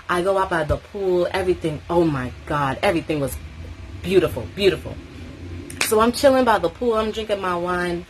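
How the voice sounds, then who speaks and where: A young woman tells a story straight to the camera, chatty and animated, cursing freely and acting out the other people's lines. Her voice sits fairly low for a woman. A faint hiss runs under it. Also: brisk, poor audio. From New York City. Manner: chatty, expressive, swears freely, acts out quotes. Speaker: vlogger. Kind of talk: casual storytime, get-ready-with-me.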